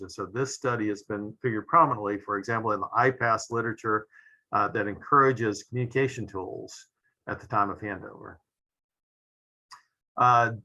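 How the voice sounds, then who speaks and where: Middle-aged male physician lecturer, very bright tone, halting delivery full of fillers. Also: medium pitch, rough recording. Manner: measured, frequent "uh" fillers, trailing off at phrase ends. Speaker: pediatric intensivist lecturer. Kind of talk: medical lecture.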